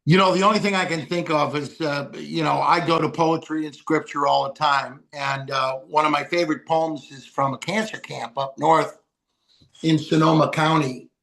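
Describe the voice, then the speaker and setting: Gravelly older man telling heartfelt stories. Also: fairly high pitch, steady tone, moderate pace, a bit bright. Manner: folksy, heartfelt storyteller. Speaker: podcast guest. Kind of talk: storytelling interview.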